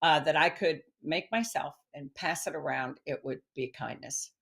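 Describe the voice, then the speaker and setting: Middle-aged lady telling stories in an interview, lowish voice, acts out the quotes. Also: normal speed, creaky, fairly bright tone, breathy edge. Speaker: guest, stress expert. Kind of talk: casual interview chat.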